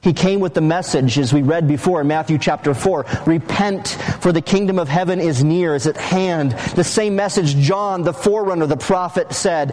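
A man preaching an expository sermon, teacherly and emphatic, slowing down on key phrases and speeding through asides. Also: on the high side, darkish tone, slight background noise, low-quality recording.

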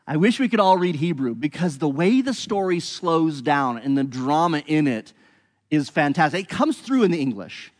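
A man teaching a bible passage, telling the story in an animated, conversational way. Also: a little high, moderate pace, big-room sound.

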